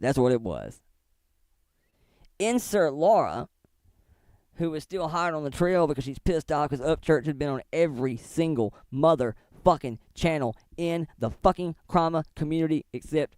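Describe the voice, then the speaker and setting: A man's voice: on the high side, a little mellow, dry recording, studio quality. A middle-aged man giving casual, profane commentary on online drama, rambling and laughing often as he talks. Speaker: commentary streamer.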